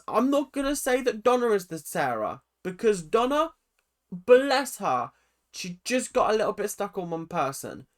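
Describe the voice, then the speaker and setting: A young man recaps a reality show in a fairly high voice that swings all over the place. He is opinionated and rambling, wanders off on tangents, and sounds worn out. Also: sing-song, moderate pace. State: tired. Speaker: reaction vlogger. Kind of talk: casual episode recap.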